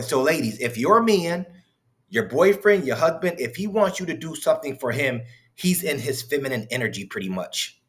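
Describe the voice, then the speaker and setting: A man's voice: fairly high pitch, very animated, moderate pace. Guy ranting over a clip, mocking, swearing, disbelieving. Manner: mocking, incredulous, heated and profane. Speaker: commentary host reacting to clips. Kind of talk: profane reaction commentary.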